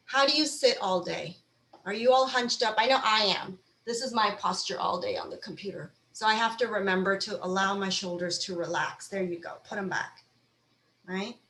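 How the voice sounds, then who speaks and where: A woman's voice: medium pitch, fairly bright tone. A woman leading a mindfulness talk over a video call from a room at home, coaching listeners through small everyday exercises in a conversational way. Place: home room with a blue wall. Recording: roomy echo from a home room.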